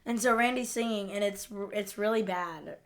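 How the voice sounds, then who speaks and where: A woman's voice: medium pitch, moderate pace. A woman co-hosting a podcast, chatting casually and enthusiastically about a TV episode, with frequent laughter. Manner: enthusiastic, laughs often, lots of fillers. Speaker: podcast co-host. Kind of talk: casual chat recapping a TV episode.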